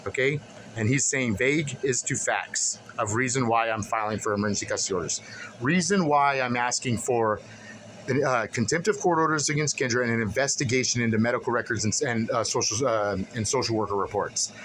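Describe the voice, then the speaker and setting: A man's voice: mid-range voice, a bit bright, a little hiss or hum, rough recording. A man venting to the camera in a casual vlog, agitated and profane, rambling with many restarts as he reads through paperwork. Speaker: vlogger.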